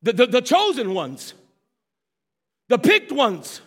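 A man preaching a sermon as pastor, speaking straight to his congregation, swinging from hushed, slow lines to sudden shouts. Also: extremely high pitch, huge pitch swings, breathy edge. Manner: addresses the congregation directly.

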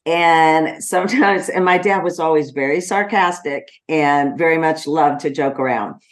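A middle-aged woman hosting her own podcast, talking slowly and gently with many pauses as she reflects on her personal life. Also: low-pitched. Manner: slow, gentle and heartfelt, with frequent pauses and fillers. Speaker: podcast host.

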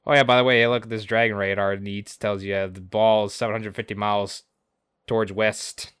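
A man's voice: fairly low pitch, level tone, fairly quick, fairly bright tone, clear, resonant tone, dry recording. A man co-hosting a podcast, recapping an episode in a profane, sarcastic, rambling way. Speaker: podcast co-host. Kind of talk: casual recap chat.

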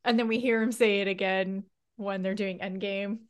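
A woman co-hosting a casual podcast at a mid pitch. She speaks in an earnest, thoughtful way and sometimes restarts her sentences. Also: fairly even intonation, moderate pace, clean tone. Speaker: podcast co-host. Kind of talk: casual chat.

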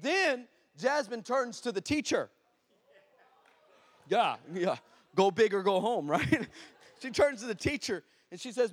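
A man, a pastor telling a story in a sermon, animated and acting out the people in it. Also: high-pitched, a little slow. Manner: animated, acts out shouts and voices of people in his story. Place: church hall before a congregation.

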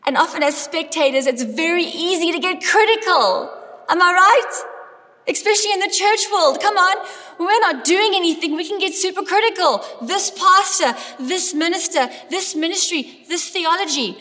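High-voiced woman preaching in a hall. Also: moderate pace. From South Africa. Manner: lively, rising to emphatic calls to the congregation. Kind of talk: sermon. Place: church hall. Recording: long hall reverb.

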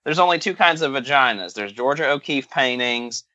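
A man co-hosting a joking movie podcast, rambling through absurd riffs in a deadpan way. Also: mid-range voice, moderate pace, no room sound, dull audio. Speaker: podcast co-host.

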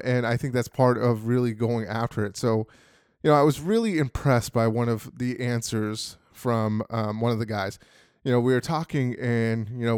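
A man's voice: medium pitch, a little mellow, clear, resonant tone, no echo, studio quality. A man giving a casual motivational talk as a sales team leader, speaking conversationally with many "you know" fillers.

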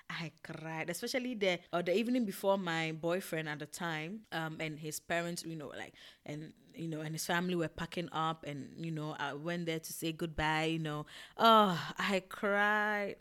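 Expressive young woman with a Ghanaian accent. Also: fairly low pitch. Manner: emotional, expressive, swings between hushed and loud. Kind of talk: personal storytelling.

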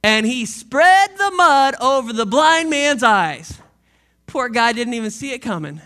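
A pastor preaching a sermon in a casual, animated way, full of slang and playful asides. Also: medium pitch, unhurried. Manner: animated, conversational storytelling with slang; shifts into a quiet, reflective tone late on.

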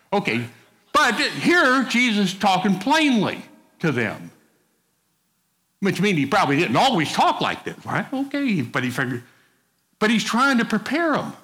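A man's voice: on the high side, pushed and bright. A middle-aged male pastor preaching a sermon in a folksy, conversational way, with casual asides to the congregation.

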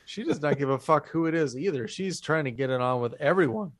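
A man's voice: a little high, expressive, fairly quick, no room sound, studio quality. A man hosting a podcast, casually and crudely retelling a film's plot with jokes. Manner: crude, joking plot recaps. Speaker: podcast host.

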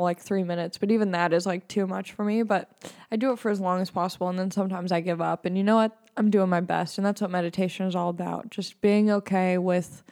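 A young woman hosts a podcast, rambling in a loose, sarcastic way. Her jokes land deadpan. Her voice has a warm, mellow darkness to it. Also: mid-range voice, vocal fry. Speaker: podcast host. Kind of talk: casual comedic monologue.

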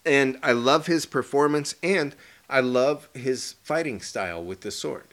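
Excitable man gushing about movies. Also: mid-range voice, unhurried. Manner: excitable, swearing, acts out movie lines. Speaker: podcast co-host. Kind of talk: casual movie review chat.

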